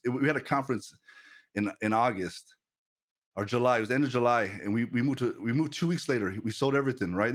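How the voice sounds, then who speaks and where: Earnest man preaching with halting restarts. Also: mid-range voice. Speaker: pastor. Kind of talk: livestreamed sermon.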